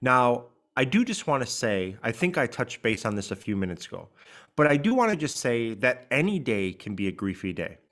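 A man's voice: medium pitch, sing-song, moderate pace, fairly bright tone. A man co-hosting a grief podcast, his voice rising and falling a lot as he leans on the words that matter. He speaks earnestly and emphatically, in a plain conversational podcast style. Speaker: podcast co-host, grief coach.

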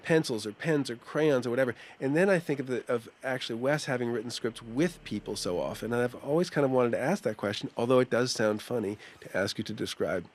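A man's voice: medium pitch, fast talker, few pauses. Long-winded man asking questions. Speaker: interviewer on a commentary track. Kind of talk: casual interview.

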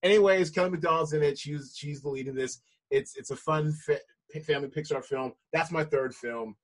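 Rambling american man, husky voice. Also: on the high side, fairly quick. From United States. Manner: rambling, restarts a lot, laughs easily. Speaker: podcast co-host. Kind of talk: casual chat.

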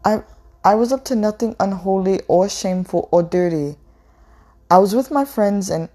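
A woman's voice: low voice, big pitch swings, normal speed, dark tone, breathy edge, full character voice. A woman voicing a shaky, frightened teenage girl. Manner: shaky, pleading, then firm.

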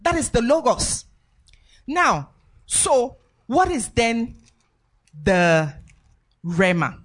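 A woman's voice: a little high, big pitch swings, very slow. Emphatic woman preaching a sermon. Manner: emphatic, repeats phrases, lilting sing-song rises.

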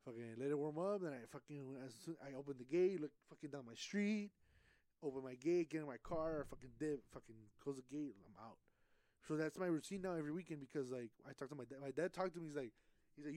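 A young man co-hosting a podcast, telling a story in casual chat with heavy swearing and lively acted-out quotes. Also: fairly high pitch, brisk, no echo. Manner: profane animated storytelling. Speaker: podcast co-host.

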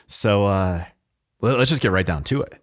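Male host, very low voice, easygoing and friendly, rambles through questions. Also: moderate pace. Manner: rambling, restarts phrases, friendly. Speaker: podcast host. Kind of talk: casual interview chat.

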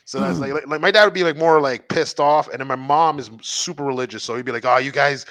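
A man's voice: a little high, quick pace, a bit bright. A man co-hosting a casual comedy podcast, rambling and stammering as he tells stories about his family. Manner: rambling, stammering, quotes family in gruff tones. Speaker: podcast co-host.

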